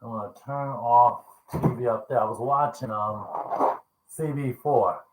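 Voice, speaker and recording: A man's voice: mid-range voice, unhurried. A man in his fifties talking casually in a vlog, rambling through work stories, laughing often and swearing as he retells what people said. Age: 50s. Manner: rambling, laughing, chatty, quotes people with coarse language. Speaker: vlogger. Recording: echoey room.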